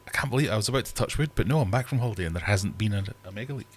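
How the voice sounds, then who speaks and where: A man's voice: lowish voice, animated, very fast, slightly rough. A man hosting a casual livestream from his fish room, chatting in a rambling, self-deprecating way. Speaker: livestream host and fishkeeper.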